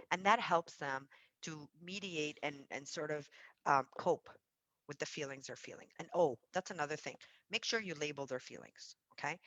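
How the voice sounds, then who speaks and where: A woman who runs a childcare centre, explaining early childhood development to parents in an animated, emphatic way. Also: sits low, no echo, low-quality recording. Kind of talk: parenting talk to camera.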